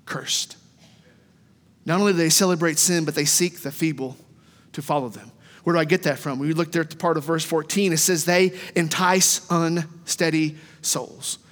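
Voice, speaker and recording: A man preaching a sermon as pastor, impassioned, slowing down and dropping low to stress key words. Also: a bit bright. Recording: hall reverb.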